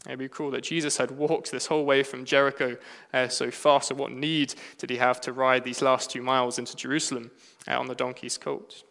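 An English man delivers a sermon in a halting cadence, breaking his phrases with frequent "uh" fillers. His voice is bright and gravelly, with little rise and fall. A long reverb trails behind him, as in a large hall. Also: medium pitch, flat delivery. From England. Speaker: preacher.

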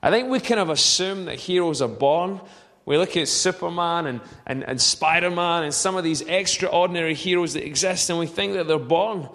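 Male pastor, high voice, earnest storyteller who restarts phrases, church hall with long reverb. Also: moderate pace, a bit bright. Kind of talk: sermon.

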